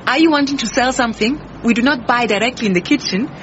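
An actress playing a proud, defensive head cook who talks brusquely. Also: female voice, fairly high pitch, fast talker, fairly bright tone, natural voice. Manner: brusque, indignant. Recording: muffled with faint hiss.

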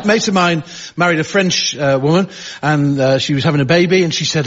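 A man with a Liverpool accent telling a joke on a comedy panel show, lively, putting on voices for the people in it. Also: fairly high pitch, brisk, a little hiss or hum. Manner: lively storytelling, puts on voices for characters. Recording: dull lo-fi broadcast sound.

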